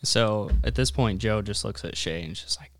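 A young man with a fairly low voice, chatting easily as a podcast co-host. His talk is loose and full of fillers. The sound is dry and close. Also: moderate pace, fairly bright tone, no echo. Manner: laid-back with frequent fillers and laughs. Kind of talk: casual storytelling chat.

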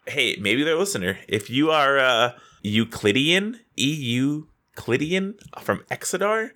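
A man co-hosting a laid-back gaming podcast. His voice is bright and forward. He tells stories animatedly, laughing often and swearing freely. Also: mid-range voice, expressive, a little slow. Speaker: podcast co-host. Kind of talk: casual gaming podcast chat.

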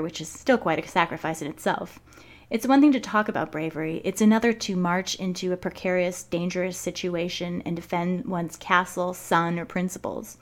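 A woman hosts her own podcast and reads from a prepared script. Her voice sits a little low for a woman. She reads in a measured, clear way. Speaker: podcast host. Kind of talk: reading a prepared script with book excerpts.

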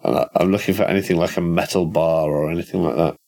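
Deep-voiced man playing a tabletop game. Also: fast, gravelly, mellow. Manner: matter-of-fact, planning aloud, casual swearing. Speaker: player.

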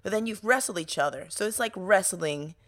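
A woman's voice: medium pitch, expressive, brisk, a bit bright. A woman from New York, a guest in a casual interview, telling a long story in a chatty way and acting out the voices of the people in it.

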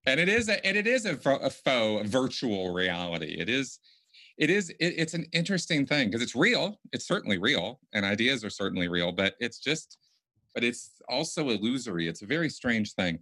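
A man's voice: medium pitch, sing-song, moderate pace, sharp tone. A man hosting a casual podcast conversation, speaking emphatically and often restarting his sentences. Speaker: podcast host.

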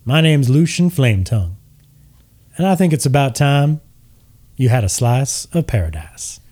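A man voicing a smooth male tiefling resort mogul with a slick showman's sales pitch. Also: sing-song, moderate pace, a little mellow. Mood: slick salesy.

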